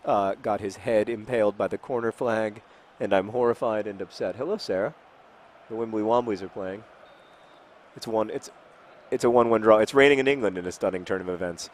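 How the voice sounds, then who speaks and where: Male host, 30s, lower voice, rambling self-mocking gameplay chatter with frustrated bursts. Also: a little hiss or hum. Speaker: host playing a football video game. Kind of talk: casual chat while playing a video game.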